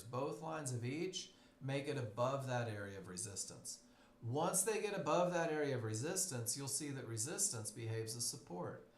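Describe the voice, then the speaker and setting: A man teaching a live trading webinar. He speaks with emphasis, repeats his key phrases and calls his class "guys". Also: medium pitch. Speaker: trading instructor. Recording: echoey room, faint noise.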